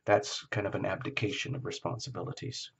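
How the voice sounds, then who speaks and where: A man's voice: sits low, little pitch movement, brisk, gravelly, breathy edge. A man giving a reflective spoken tarot reading, often checking in with the listener. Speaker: tarot reader.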